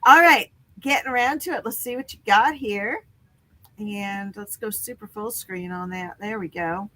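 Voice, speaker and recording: A woman's voice: medium pitch, normal speed, pushed and bright. Chatty woman hosting a live stream. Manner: chatty, giggly, reads out chat names. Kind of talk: casual live stream chat.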